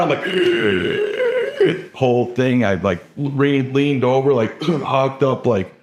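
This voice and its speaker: A man's voice: mid-range voice, wildly swooping pitch, takes it slowly. A young man telling his own story in a casual, rambling way, full of fillers and swearing. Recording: roomy echo.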